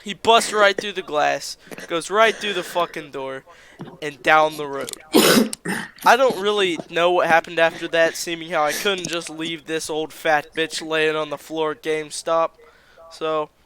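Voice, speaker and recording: A man's voice: fairly high pitch, pushed and bright. A man improvising a crude story in a rambling, laid-back way over voice chat. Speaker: comedy game player.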